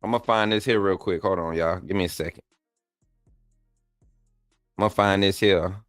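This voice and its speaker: A man's voice: low-pitched, fairly even intonation, normal speed, fairly bright tone, dry recording, studio quality, soft background music. A middle-aged man, hosting a live sports call-in stream in a loose, chatty way, repeating himself and hyping up his viewers. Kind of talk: casual live-stream chat.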